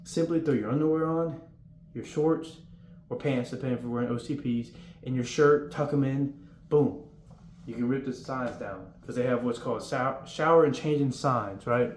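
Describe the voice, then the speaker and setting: A young man giving casual, rambling advice about basic training and acting out the drill yelling now and then. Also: medium pitch, moderate pace. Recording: roomy with faint room noise.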